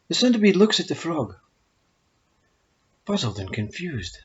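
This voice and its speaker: Guy telling little parables, calm and measured, really husky voice, muffled lo-fi. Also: on the high side. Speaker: storyteller. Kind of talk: spoken parables. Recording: dull lo-fi recording.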